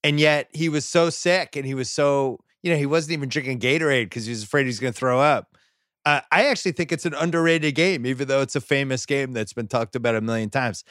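A man's voice: mid-range voice, fast talker, a bit bright, no room sound, clean studio sound. A man guesting on a sports podcast, talking conversationally with emphatic asides. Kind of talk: casual sports chat.

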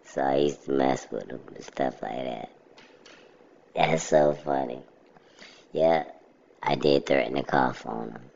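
A man's voice: extremely low pitch, measured pace, gravelly, pauses often, a little mellow. A young man, telling a story in a laid-back, chuckling way during an interview. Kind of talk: casual storytelling. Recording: slightly muffled audio.

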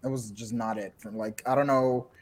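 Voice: mid-range voice, fairly even intonation, normal speed, darkish tone. A podcast co-host giving blunt, amused commentary in casual chat about a TV episode.

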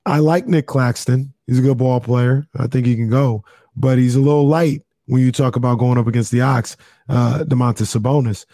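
A man's voice: medium pitch, steady tone, normal speed, dark tone, dry recording, studio quality. A man co-hosting a sports talk show, easygoing and analytical, who laughs often. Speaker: sports radio co-host.

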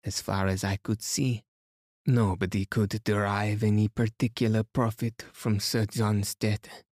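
A man reading aloud as a fastidious elderly detective, speaking gently and gravely. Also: fairly low pitch, level tone, no room sound, studio quality. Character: fastidious elderly male detective, calm and placid.

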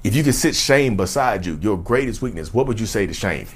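Man, low voice, casual monologue, repetitive and preachy, keeps saying y'all. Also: expressive, brisk, slightly rough. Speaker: channel host.

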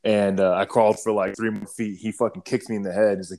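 A man's voice: lowish voice, racing, few pauses, dark tone. A middle-aged man and army veteran in casual chat, telling profane stories full of quoted dialogue. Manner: laid-back, profane storytelling with quoted dialogue.

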